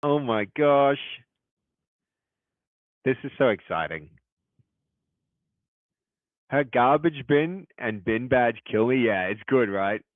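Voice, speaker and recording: An excitable man chats casually to his stream, rambling and then bursting into loud shout-outs. His voice comes through tinny and narrow, like a phone line, with a dry sound and no room echo. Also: medium pitch, slow pace, pauses often. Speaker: game studio head and streamer. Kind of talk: casual live-stream chat.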